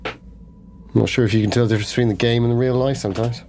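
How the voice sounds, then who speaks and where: A man's voice: mid-range voice, steady tone, racing, a little mellow, a little hiss or hum. A man playing a tabletop game, talking casually, joking, and correcting himself as he goes. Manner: playful, rambling, self-correcting. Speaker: player.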